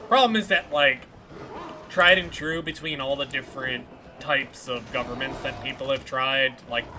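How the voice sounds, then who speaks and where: A male streamer talks casually while he plays, wandering from point to point and dropping curses as he goes. His voice sits at an ordinary middle pitch. Game music plays clearly underneath his talk. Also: normal speed. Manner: rambling, profane, offhand. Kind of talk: casual chat while gaming.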